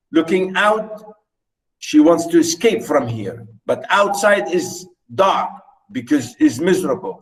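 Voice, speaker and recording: Literature teacher, emphatic, talks to the class, slow and fairly high. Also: male voice, rough recording. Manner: chatty and emphatic, asks the class questions. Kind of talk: online literature lesson.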